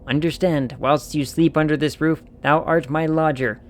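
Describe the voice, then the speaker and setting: Streamer putting on a stately old-fashioned video game landlord, archaic diction, mid pitch, faint hiss. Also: steady tone, normal speed, close to an everyday voice. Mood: formal. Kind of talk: voicing game characters on stream.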